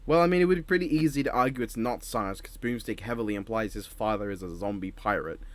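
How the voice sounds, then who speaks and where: A man's voice: fairly low pitch, fast, crowd noise. A man chatting playfully as a podcast guest who keeps slipping into joke voices. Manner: playful, drops into silly voices. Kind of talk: casual chat.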